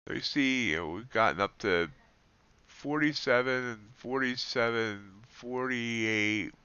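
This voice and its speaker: Man muttering trading commentary, crisp and bright. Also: mid-range voice, a little slow, dry recording, highs cut off. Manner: muttering running commentary, dry jokes. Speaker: live-streaming futures trader. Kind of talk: thinking aloud while trading.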